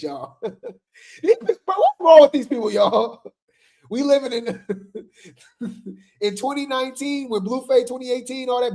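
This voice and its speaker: Casting: chatty gossip commentator, mid pitch, talks straight to the audience. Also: a little mellow. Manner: chatty, addresses viewers as "y'all", filler "right?"; laughs while talking. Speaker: commentary host.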